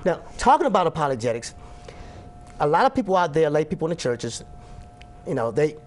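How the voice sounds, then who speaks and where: A man's voice: on the high side, big pitch swings. A man hosting an interview, asking questions and telling stories in an emphatic, repetitive way. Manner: brisk, emphatic, repeats words. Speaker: host, apologist.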